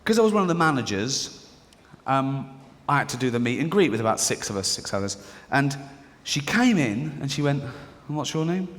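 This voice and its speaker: A middle-aged man doing stand-up comedy, telling stories with mock voices and animated outbursts. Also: medium pitch, fairly quick. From England. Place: large theatre stage. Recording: reverberant hall with audience noise. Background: audience laughter.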